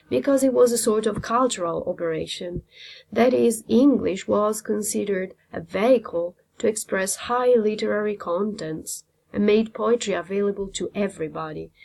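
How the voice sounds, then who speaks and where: A woman's voice: medium pitch, vocal fry, a little mellow. A woman teacher, a native Italian speaker, explaining a literature lesson step by step with frequent ums. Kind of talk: classroom lecture.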